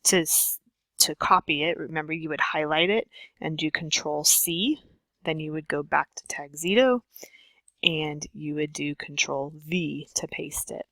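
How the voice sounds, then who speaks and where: A woman teacher with a bright, forceful voice and a slightly low pitch talks students through a computer tutorial. She goes step by step, patiently, with frequent ums. The recording is close and dry. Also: fairly even intonation, measured pace, dry recording, poor audio. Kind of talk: screen-share tutorial lesson.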